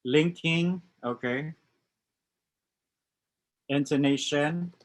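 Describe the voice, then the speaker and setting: A man's voice: on the high side, very slow, a little hiss or hum. A man with a West Coast American accent teaching a live online English class, reading out chat answers and commenting on them.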